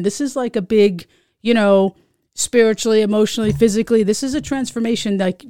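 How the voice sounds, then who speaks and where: A woman's voice: medium pitch, a little fast, a little mellow, clean tone, no room sound, clean studio sound. A woman in casual chat as a co-host, chatty, laughing often and full of fillers.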